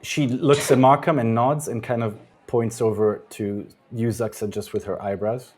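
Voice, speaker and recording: A man narrating a tabletop game as game master, chatty and relaxed, often restarting his sentences. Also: medium pitch, moderate pace, breathy edge.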